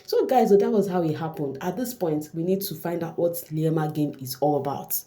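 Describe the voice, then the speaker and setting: A woman vlogger with a chatty, animated manner, recapping a reality show in casual gossip commentary. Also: low voice, fairly quick.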